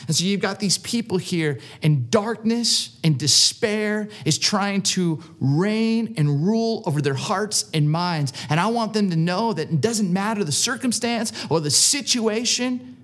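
A bold older pastor in his sixties, full of joy, belting out loud repeated praise, as a preacher puts him on. His voice rides high and bright while he shouts, then settles into earnest conviction. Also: expressive, measured pace, full character voice. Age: 60s. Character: exuberant older male pastor, bold and joyful. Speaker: prison pastor.

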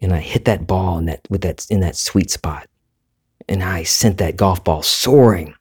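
Southern US male host, low-pitched, reflective storyteller, monologue delivery. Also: normal speed, a little mellow, breathy edge. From Deep South, USA. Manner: thoughtful, storytelling, self-reflective.

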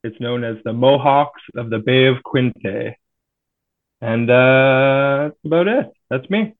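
A man's voice: mid-range voice, slow pace. A man from Canada introducing himself plainly on a podcast, with a few fillers. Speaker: podcast co-host. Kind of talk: casual chat. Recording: tinny phone-like line.

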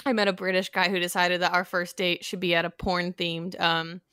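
A woman's voice: lowish voice, level tone, moderate pace, pushed and bright, smooth, dry recording. A young woman co-hosting a podcast, telling a dating story in a casual, chatty way full of fillers. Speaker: podcast co-host. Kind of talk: casual chat.

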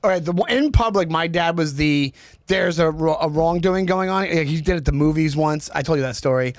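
Brief: male podcast host, high voice, dry close sound, animated storyteller. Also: fairly quick, no echo. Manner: animated storyteller who acts out quotes. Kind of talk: casual chat.

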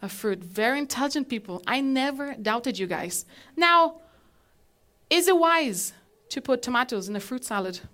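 Woman, pastor, sermon, slightly high voice, conversational and animated, church congregation. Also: moderate pace. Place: church hall, live congregation.

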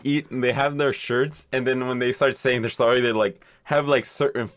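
A man's voice: medium pitch, fairly even intonation, moderate pace. A man in casual chat, recalling a funny cartoon scene.

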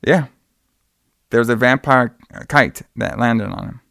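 A man's voice: medium pitch, slow pace, creaky, a bit bright, dry recording, studio quality. Casual man retelling a film plot. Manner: rambling retelling with acted-out quotes. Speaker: podcast co-host recapping a film. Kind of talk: casual chat.

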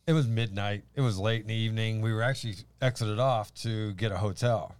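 Man, deep-ish voice, lively laughing storyteller, dry close sound, faith talk co-host. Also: a little fast, smooth, no room sound. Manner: animated, laughing storyteller with many restarts. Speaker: podcast co-host. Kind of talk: casual faith chat and storytelling.

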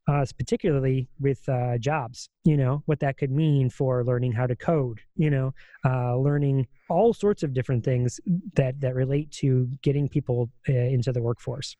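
A man's voice: medium pitch, normal speed, dark tone, dry recording. A man co-hosting a podcast, explaining at length in a casual, rambling way with many fillers and restarts. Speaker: podcast co-host.

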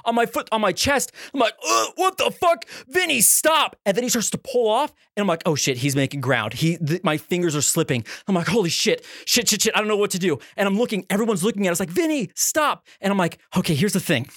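Young male podcast co-host, high and bright voice, dry close sound, animated storyteller who jumps into quoted voices. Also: fast, few pauses, no echo. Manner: animated, acts out quotes with big pitch jumps and shouts. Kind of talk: comedic storytelling.

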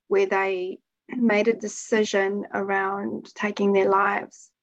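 A woman telling a heartfelt story in an earnest way, with pauses and restarts, in a spiritual conversation. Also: mid-range voice, no echo. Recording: dull lo-fi sound.

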